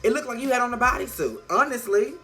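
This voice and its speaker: A woman doing a sassy, profane recap of a reality show, animated and playful. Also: fairly high pitch, quick pace, faint music behind. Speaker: vlogger reviewing a reality show.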